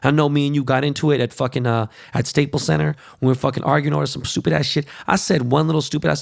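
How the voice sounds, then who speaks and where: A man's voice: a little high, racing, creaky, few pauses, no echo, studio quality. A man hosting a podcast, ranting casually and profanely about basketball and plugging events. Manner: profane, animated sports rant. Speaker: podcast host.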